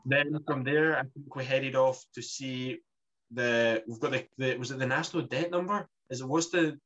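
A man's voice: medium pitch, moderate pace, fairly bright tone, muffled recording. A man chatting casually about a trip, rambling with many restarts. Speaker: podcast co-host. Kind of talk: casual travel chat.

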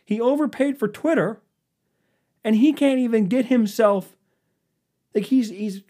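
A man's voice: very high-pitched, a little slow. Ranting young man podcasting solo. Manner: worked-up ranting, swinging between shouting and mumbling. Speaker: podcast host.

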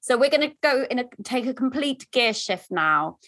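A bright, clear-voiced woman hosts a podcast interview. She talks with gushing enthusiasm and often trips over her words. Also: sits high, sing-song, moderate pace. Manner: enthusiastic and gushing, with laughs and stumbles. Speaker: podcast host. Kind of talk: conversational interview.

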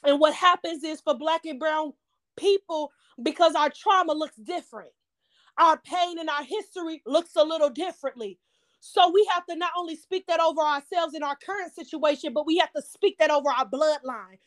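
High-voiced woman preaching with fervor. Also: moderate pace. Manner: emphatic, repeating phrases like a sermon. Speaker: podcast host. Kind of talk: impassioned testimony, preaching cadence.

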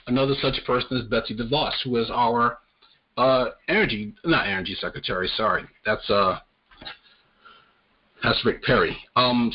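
Slightly rough and mid-range, this man's voice carries his podcast's casual political talk, which turns into a heated rant full of swearing. His recording is lo-fi and a bit muffled.

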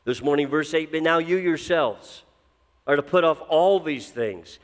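Middle-aged guy preaching in a big echoey church, kinda high voice, gets loud then drops way low. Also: moderate pace. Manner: dynamic preaching, swinging from loud emphasis to low intense drops. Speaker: pastor. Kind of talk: sermon. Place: church sanctuary. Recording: long reverb of a church hall.

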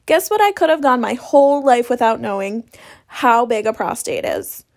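A woman's voice: on the high side, animated, moderate pace, vocal fry. A young woman telling stories in a casual monologue, swearing freely and sarcastic in a ranting way. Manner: profane, sarcastic, rant-like.

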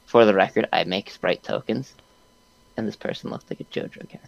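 A man's voice: fairly low pitch, huge pitch swings, fairly quick, creaky, no room sound, highs cut off. A young man animatedly retelling a game session in casual chat, laughing and using many fillers. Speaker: podcast co-host recapping a game.

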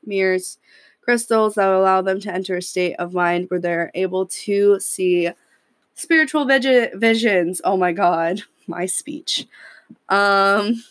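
A woman's voice: mid-range voice, dry recording. A young woman casually explaining in a vlog, chatty and prone to stumbling over words and laughing at herself. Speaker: vlogger.

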